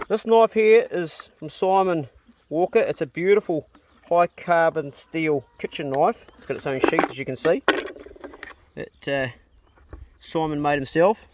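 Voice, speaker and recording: A man's voice: fairly high pitch, unhurried, darkish tone, a little hiss or hum. Laid-back New Zealand man on a farm. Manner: laid-back, chatty, blunt and joking. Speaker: vlogger. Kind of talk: casual rural vlog narration. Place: rural farm, outdoors. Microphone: handheld phone or camera.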